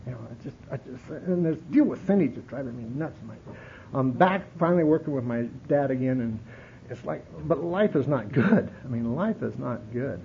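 A man's voice: lively intonation, moderate pace. A man telling his recovery story at a meeting, rambling and wry, with lots of repeats. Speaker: speaker sharing at a recovery meeting. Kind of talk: personal recovery testimony. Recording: dull, lo-fi recording with faint rumble.

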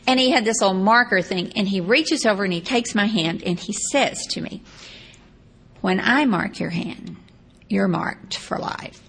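A woman's voice: medium pitch, sharp tone. A woman from Texas, telling a rambling personal story with wry asides. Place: seated on a stage or chair.

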